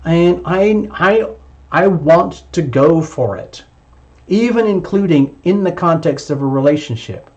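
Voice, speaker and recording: Male tarot reader, slightly high voice, emphatic and repetitive delivery, dull lo-fi recording. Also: lively intonation, measured pace, darkish tone. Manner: emphatic and repetitive, voicing the listener's thoughts. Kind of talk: monthly tarot reading.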